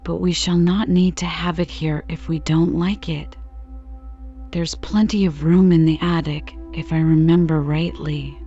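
A woman voicing a good-humored middle-aged male doctor and father in a storybook reading, speaking gently. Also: deep voice, fairly even intonation, unhurried, dull audio, soft background music. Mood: amused.

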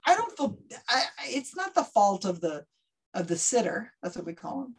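A woman with a somewhat high, husky voice talks in a relaxed interview. She is animated and slips into other people's voices as she explains her point. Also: normal speed. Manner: animated, acts out quoted voices mid-story. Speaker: guest skeptic of psychics. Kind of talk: conversational interview.

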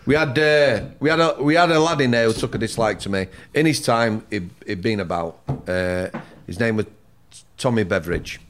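A man's voice: fairly low pitch, moderate pace, a little hiss or hum. A man, a former prison officer, talking plainly in casual chat. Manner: plain-spoken, dialect grammar.

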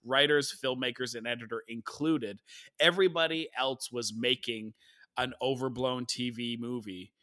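A middle-aged man co-hosting a podcast in casual chat, frank and profane, with quick asides. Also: medium pitch, steady tone, pushed and bright. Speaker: podcast co-host.

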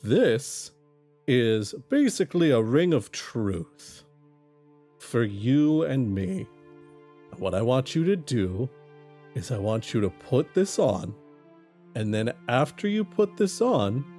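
A man voicing a distrustful grown son who talks in a guarded, deliberate way. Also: medium pitch, warm tone.

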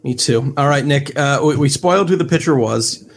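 A man co-hosting a casual baseball podcast, excitable and self-deprecating. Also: medium pitch, moderate pace, gravelly. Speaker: podcast co-host.

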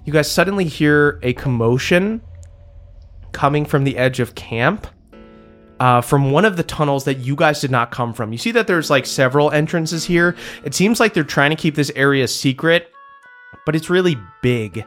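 A game master, a man, narrates a tabletop role-playing scene. His telling is relaxed and full of little fillers. Faint music runs in the background. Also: fairly high pitch, moderate pace.

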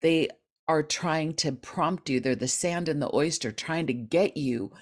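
A woman's voice: low-pitched, measured pace. A woman hosting a podcast interview who talks in an affirming, emphatic and heartfelt way. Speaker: podcast host.

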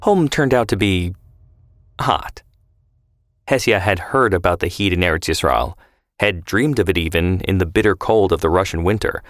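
A man giving measured, scripted narration of a historical story. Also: sits low, no room sound. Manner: measured, descriptive.

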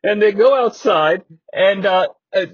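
Husky high-voiced man, wry, keeps laughing. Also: a little slow, no room sound. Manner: laughs often, wry, rambling asides. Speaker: podcast host. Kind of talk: comedic wrestling recap. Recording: dry, slightly muffled podcast mic.

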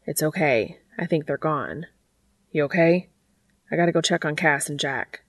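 A woman's voice: deep voice, normal speed, dry recording. A woman voicing a worried young man, a hunter who talks plainly and urgently.

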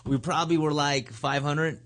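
A man's voice: a little high, fairly even intonation, normal speed, a bit bright. A man guesting as an actor in a casual interview, easygoing and agreeable, often repeating words as he answers.

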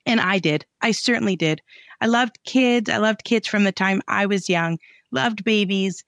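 Midwestern woman guest author, bubbly animated talk, mid pitch, dry close sound. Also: normal speed, no echo. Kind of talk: casual interview chat.

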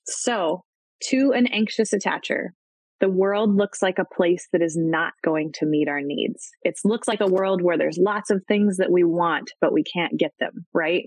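Woman guest expert, low-pitched, conversational, dry close mic. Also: normal speed, no echo, rough recording. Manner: acts out quoted voices, frequent "right?" and "um". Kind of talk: conversational explaining.

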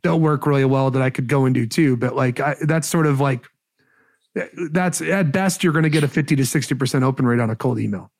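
A man talking as a podcast guest, giving casual sales advice in an energetic, rambling way. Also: medium pitch, fairly quick.

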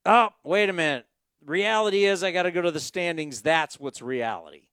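High-voiced ranting radio sports host. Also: male voice, lively intonation, normal speed, fairly bright tone, smooth, no echo, clean studio sound. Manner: ranting, sarcastic, emphatic. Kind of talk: post-game radio talk.

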